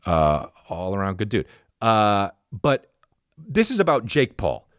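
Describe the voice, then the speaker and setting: Animated, profane male podcast host. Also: on the low side, unhurried, dry recording, studio quality. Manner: profane, rambling, animated storytelling with many restarts. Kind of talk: casual comedic rant. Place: podcast studio.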